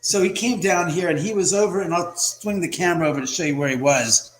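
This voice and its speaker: A man chats from home over a video call, his voice a bit higher than most men's. He tells his story with animation and acts out quotes, and the room around him gives a clear echo. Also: fast. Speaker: guest, house owner and author. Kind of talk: casual livestream chat.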